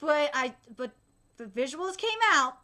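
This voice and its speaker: High bright voiced young woman gushing about anime, swears a lot, lots of ums and restarts. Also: measured pace. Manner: excitable, gushing, swears freely, many fillers and restarts. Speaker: channel host. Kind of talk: casual anime and manga update vlog.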